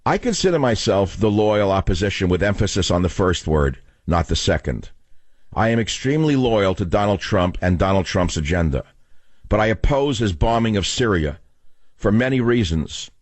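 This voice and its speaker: A man's voice: on the low side, lively intonation, moderate pace, no room sound. An older man hosting a political talk radio show, lecturing his listeners in a combative, emphatic monologue.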